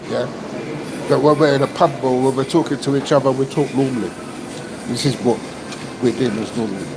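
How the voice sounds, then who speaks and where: A middle-pitched Cockney man in his fifties rants to his listeners in a loose, emphatic podcast monologue, tagging his points with a questioning "yeah?". Steady noise and passing vehicles sit behind his voice in a rough, unpolished recording. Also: brisk. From East Central London. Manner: emphatic, ranting, keeps asking "yeah?". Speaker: podcast host. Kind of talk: casual monologue. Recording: noisy, with vehicle sounds behind.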